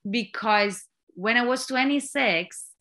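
A woman from Italy with an Italian accent, an actress answering interview questions, often pausing to search for words. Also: on the high side, a bit bright. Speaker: actress, guest.

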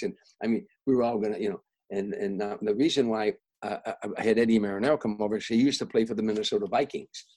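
A man's voice: fairly low pitch, slightly rough, rough recording. An older man from the Chicago area, a guest comedian telling rambling personal anecdotes with many restarts and repeated words. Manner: restarts, repeats words, grows soft and reflective.

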